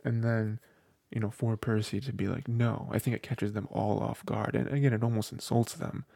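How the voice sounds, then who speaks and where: A man's voice: lowish voice, steady tone, normal speed, gravelly, warm tone, dry recording, clean studio sound. A man co-hosting a book podcast, talking casually and rambling with lots of fillers. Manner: rambling, filler-heavy, with many "you know" and "like".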